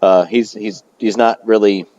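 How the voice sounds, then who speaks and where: A man's voice: on the low side, steady tone, a little slow, darkish tone, muffled recording. A man co-hosting a podcast, chatting casually, laughing often and swearing freely. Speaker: podcast co-host. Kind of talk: casual profane chat.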